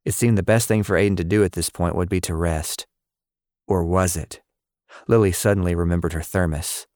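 A man reading a story aloud in scripted narration, with a steady, measured delivery. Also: sits low, no echo, studio quality.

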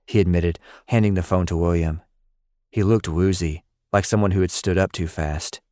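Deep-voiced male story narrator. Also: fairly even intonation, moderate pace, darkish tone, dry recording, clean studio sound. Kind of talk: scripted narration.

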